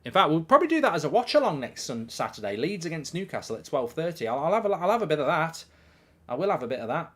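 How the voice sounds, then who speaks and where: A middle-aged man hosts a live watchalong of a football match, casually talking, reading viewers' comments, and letting out loud bursts of excitement. His pitch is fairly high, he speaks fast, and there's a breathy edge to his voice.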